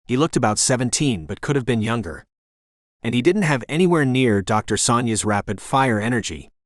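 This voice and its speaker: Steady male audiobook narrator, dry close sound. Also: medium pitch, fairly quick, no echo. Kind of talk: scripted narration.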